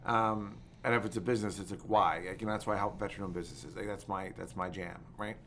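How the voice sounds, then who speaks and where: Fast-talking man, lots of fillers. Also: fairly low pitch, slight background noise. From United States. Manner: rapid, animated storytelling with many fillers. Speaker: podcast guest. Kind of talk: casual interview talk.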